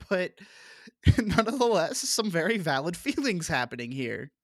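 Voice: mid-range voice, big pitch swings, a little slow, no room sound. Wry, dry-voiced podcast co-host. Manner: wry, laughs at own jokes. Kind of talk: casual chat.

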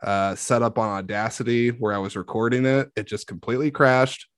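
A man's voice: medium pitch, fairly even intonation, fairly quick, smooth, no echo, clean studio sound. A man hosting a podcast in casual chat, joking and self-deprecating as he rambles. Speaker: podcast host. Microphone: studio microphone.

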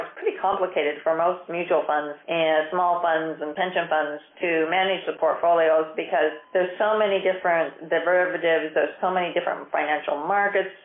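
Woman in an echoey, tinny recording. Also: sits low. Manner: storytelling, earnest and emphatic. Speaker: market technician and educator. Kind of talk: recorded talk on investing. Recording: tinny phone-like sound, echoey room.

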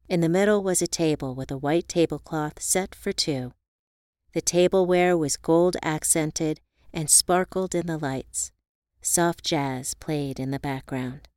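A woman reading a first-person novel aloud in a calm, even storytelling manner. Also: on the low side, clear, resonant tone, dry recording, studio quality. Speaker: audiobook narrator. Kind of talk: first-person audiobook narration.

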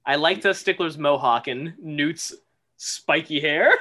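A man's voice: on the high side, a little slow, pushed and bright. A man co-hosting a podcast, making dry quips and recapping a dream sequence in casual chat. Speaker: podcast co-host.

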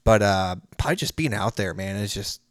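A man's voice: lowish voice, lively intonation, fairly quick, no room sound, studio quality. A man guesting on a podcast, talking in a laid-back, rambling way with many fillers. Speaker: podcast guest, Muay Thai fighter and promoter. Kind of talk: casual chat.

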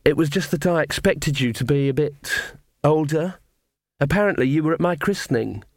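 A man's voice: fairly high pitch, moderate pace, no room sound, clean studio sound, voice pushed up, natural voice. A man voicing a shy, polite young woman who chatters nervously.

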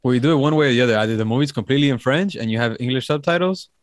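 A man's voice: mid-range voice, dry recording, studio quality. A man co-hosting a casual movie review podcast, talking bluntly and swearing often. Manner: rapid, profane, blunt. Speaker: podcast co-host.

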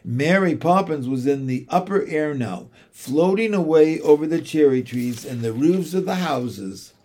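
A man narrating a children's classic as an audiobook, measured and expressive. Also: fairly high pitch.

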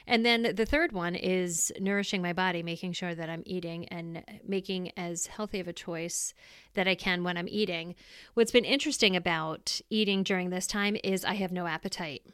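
A woman's voice: fairly low pitch, fairly even intonation, moderate pace, a bit bright, clear, resonant tone, no room sound, clean studio sound. A middle-aged woman hosting a solo podcast, talking candidly and reflectively in a casual, plainspoken way. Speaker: podcast host.

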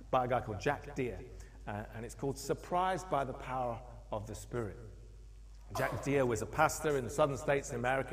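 A man preaching a sermon in a church, telling stories with animation and acting out the voices of the people in them. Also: medium pitch. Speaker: pastor. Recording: long echo of a church hall.

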